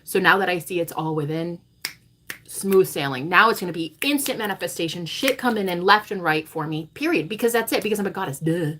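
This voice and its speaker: A woman in her thirties, a spiritual coach, talking to her vlog viewers in a dramatic, swearing monologue that swings between loud declarations and hushed asides. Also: lowish voice, brisk, slight background noise. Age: 30s.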